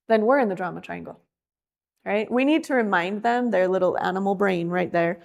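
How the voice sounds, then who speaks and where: A woman leads a class in a relaxed, conversational way. She talks in a chatty manner and brings quotes to life with lively emphasis. Her voice has a slight gravelly edge. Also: mid-range voice, fairly quick. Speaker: class instructor. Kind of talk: casual classroom teaching.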